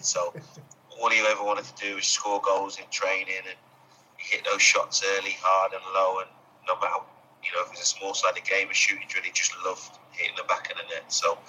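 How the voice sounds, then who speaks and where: A man recalling stories of a former teammate in a relaxed recorded tribute message. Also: deep voice, slight background noise, poor audio.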